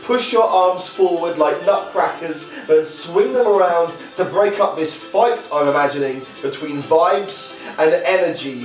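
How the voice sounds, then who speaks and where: A man performing his poems live at a reading, playful and chatty, often chanting a repeated phrase. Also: on the high side. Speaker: performing poet. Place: library reading room. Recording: echoey room, voice from far off.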